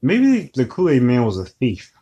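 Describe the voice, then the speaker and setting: Podcast guy cracking dry jokes, mid pitch, laid back. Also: normal speed, husky, dull audio. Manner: joking, wry, deadpan asides. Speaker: podcast co-host. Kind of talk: casual chat.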